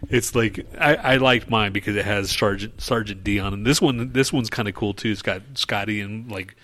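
A man's voice: fairly low pitch, a bit bright. A man co-hosting a podcast in casual chat, talking loosely with many "like"s and "dude"s and restarting his sentences. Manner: loose, halting talk full of "like" and "dude". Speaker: podcast co-host.

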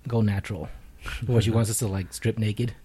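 A man's voice: lowish voice, flat delivery, brisk, mellow, husky. A man co-hosting a podcast, trading dry teasing remarks in casual banter and laughing easily. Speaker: podcast co-host.

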